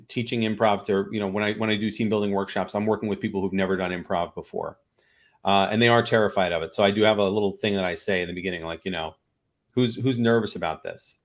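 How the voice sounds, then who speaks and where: A man in a casual interview, teaching improv through stories. He slips into quick character voices and lets his pitch swing up and down as he explains. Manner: animated, acts out little voices in his stories.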